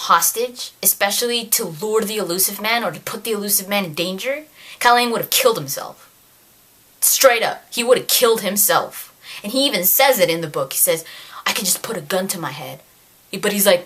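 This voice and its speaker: A woman giving an animated, exasperated review of a novel in a casual rant, acting out characters' lines along the way. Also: mid-range voice. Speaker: video creator reviewing a novel. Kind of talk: casual ranting book review.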